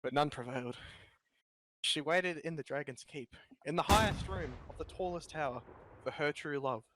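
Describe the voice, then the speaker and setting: A man's voice: a little high, moderate pace, background noise. A young man reading a film script aloud to friends over voice chat, with joking asides and laughs. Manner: reads with joking asides and laughs, half-hearted character voices.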